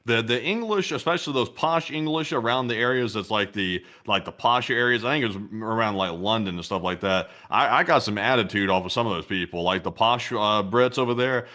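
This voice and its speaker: A man from the United States co-hosting a livestream, telling stories haltingly with many fillers. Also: medium pitch, bright, forceful tone. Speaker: news channel co-host. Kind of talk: casual livestream chat.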